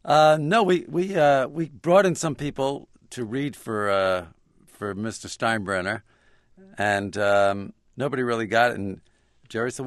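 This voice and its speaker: A man's voice: fairly low pitch, normal speed, dry recording. A man, a guest in a radio interview, telling stories in a dry, self-amused way. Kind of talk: interview storytelling.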